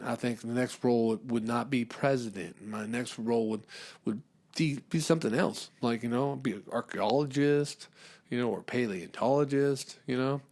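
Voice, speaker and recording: A man's voice: mid-range voice, darkish tone. A man hosting a comedy podcast, rambling through a casual monologue full of fillers and swearing. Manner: rambling, profane, many fillers.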